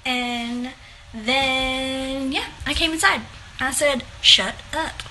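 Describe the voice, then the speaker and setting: Giggly high bright-voiced young woman. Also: takes it slowly, a little hiss or hum, low-quality recording. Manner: giggly, laughs often, filler-heavy chatter. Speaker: online seller hosting a livestream. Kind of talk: casual livestream chat. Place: home apartment.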